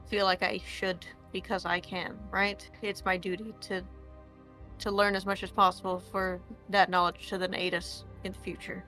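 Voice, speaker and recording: A woman voicing a reluctant but dutiful male spellcaster, speaking quietly and earnestly. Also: mid-range voice, flat delivery, moderate pace, faint music behind, natural voice.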